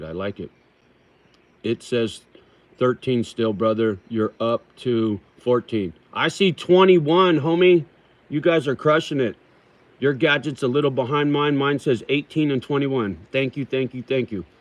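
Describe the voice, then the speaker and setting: A middle-aged man at a mid pitch, chatting casually on a livestream. He reads viewer comments out slowly and answers them plainly. His talk is rough, with frequent swearing, and he calls his viewers brother. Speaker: livestream host reading chat.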